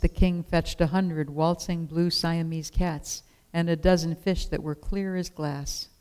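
A storyteller reading a children's picture book aloud in a gentle, expressive way. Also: mid-range voice, smooth, low-quality recording.

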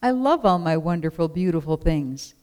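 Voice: mid-range voice, lively intonation, moderate pace, darkish tone, natural voice. A reader voicing a greedy king who wails and cries out in dismay, in a storybook reading. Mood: pleading. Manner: wailing and exclaiming. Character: greedy king who learns to give, grown man.

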